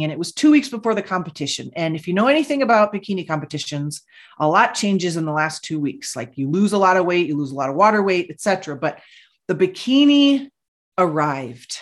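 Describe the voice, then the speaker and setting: A middle-aged woman hosting a motivational podcast, talking upbeat with playful asides that act out her own inner voice. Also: fairly low pitch. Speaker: podcast host.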